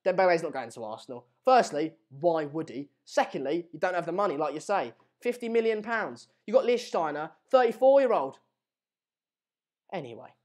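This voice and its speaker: A woman hosting a casual live football transfer stream, talking in excitable, rambling banter full of asides. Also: lowish voice, moderate pace. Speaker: host of a live transfer news show.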